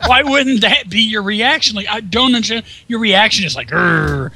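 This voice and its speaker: Bright-voiced man in crude banter. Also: sits high, a little fast, slight background noise. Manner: crude, mocking, laughs often. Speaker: let's play co-host. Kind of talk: casual profane banter.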